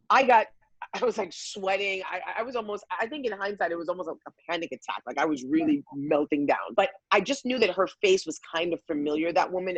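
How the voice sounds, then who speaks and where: A woman guest telling a lively personal story, acting out quotes from the people in it. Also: on the low side, slightly rough, no echo, poor audio. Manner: lively, acts out quotes, many fillers.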